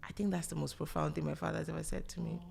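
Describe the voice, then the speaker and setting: A woman hosting a podcast in casual conversation, self-assured and animated, laughing often. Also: sits low, racing, gravelly. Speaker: podcast host.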